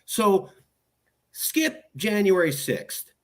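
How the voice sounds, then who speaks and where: A man's voice: high-pitched, drawn-out words. A man interviewing a guest in casual conversation, telling anecdotes and acting out what people said. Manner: storytelling, animated with quoted voices.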